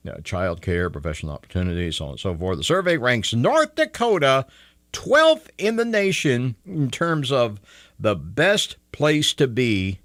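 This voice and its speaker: Wisecracking talk radio host, low voice. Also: male voice, no echo, clean studio sound. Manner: wisecracking, sarcastic, lively. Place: radio studio. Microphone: studio microphone.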